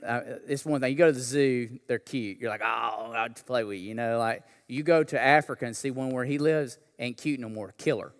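A man preaching a sermon, talking casually with slang, then building to a loud, impassioned delivery. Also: medium pitch, fairly quick, few pauses, big-room sound. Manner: builds from conversational to shouting preacher intensity. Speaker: pastor.

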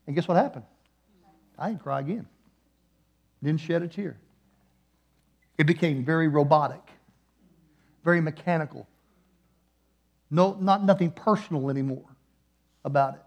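A man preaching a sermon in a church, moving between hushed, slow passages and loud, passionate peaks. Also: a little high. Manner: impassioned, swings from hushed to loud. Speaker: guest preacher.

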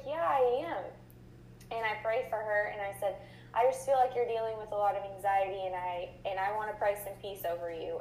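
A woman's voice: medium pitch, darkish tone. A woman casually telling a story, talking chattily with lots of fillers, in a room with some echo and a faint hum. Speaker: church member sharing a story.

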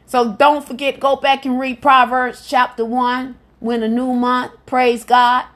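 Fervent high-voiced woman preaching slowly. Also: flat delivery, a bit bright. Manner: fervent, repeats phrases, exclaims hallelujah. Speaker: evangelist podcast host. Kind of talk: devotional sermon.

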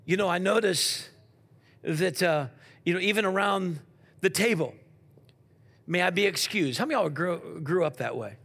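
A man preaching a sermon, asking the congregation questions and swinging from loud to quiet. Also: high voice, moderate pace, creaky, slightly rough. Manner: animated preaching with call-and-response questions. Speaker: pastor.

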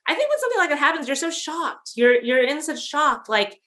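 A woman, a film producer being interviewed, telling stories in an animated way with many fillers. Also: high voice, brisk. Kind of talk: conversational interview.

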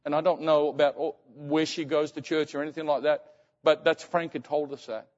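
A man preaching as a pastor, telling a story and often halting and repeating words. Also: on the high side, little pitch movement, a little mellow. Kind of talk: sermon storytelling. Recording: muffled sound in reverberant hall.

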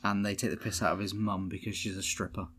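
A man recaps a horror film in loose, casual chat. He laughs often and swears freely, and slips into quick mock voices for the characters. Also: on the low side, flat delivery, fairly bright tone, a little hiss or hum. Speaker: podcast co-host.

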